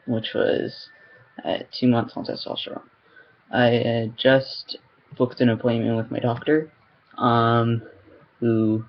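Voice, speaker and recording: A man talking on a headset at home in a casual video diary, his voice gravelly and fairly level in tone. He rambles and hesitates, filling gaps with ums. The recording is a bit dull and lo-fi. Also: mid-range voice. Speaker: vlogger. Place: room at home. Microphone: headset microphone. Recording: slightly dull lo-fi sound.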